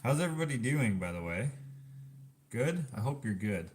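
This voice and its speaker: A man's voice: mid-range voice, big pitch swings, moderate pace. A man from Canada rambling in casual chat to a live chat while he cooks in his home kitchen. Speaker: vlogger. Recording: clattering kitchen noise.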